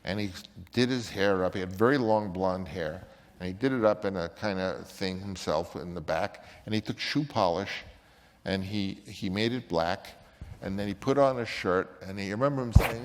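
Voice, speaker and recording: An older man telling stories from his directing career in a loose, rambling way. His voice sits somewhat low. The room adds a long, hanging reverb. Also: moderate pace, a little hiss or hum. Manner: rambling, with many restarts and acted quotes. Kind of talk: casual anecdote.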